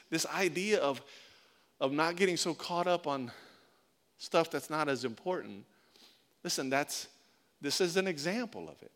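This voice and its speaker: A man preaching a sermon as pastor, telling stories and acting out little scenes as he goes. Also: fairly high pitch. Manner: animated storytelling, acts out little scenes.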